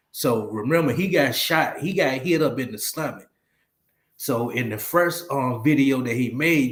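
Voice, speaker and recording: A man giving casual reaction commentary in slang, often checking that the listener follows. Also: mid-range voice. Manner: slangy, keeps asking "you get what I'm saying". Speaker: reaction streamer. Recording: echoey room.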